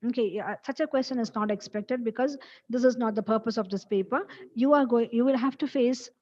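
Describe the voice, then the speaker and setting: A woman's voice: on the high side, a little fast, a little mellow, highs cut off. Patient woman teaching a lecture. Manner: patient, explanatory, repeats key points. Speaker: college English teacher. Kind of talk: classroom lecture on phonetics.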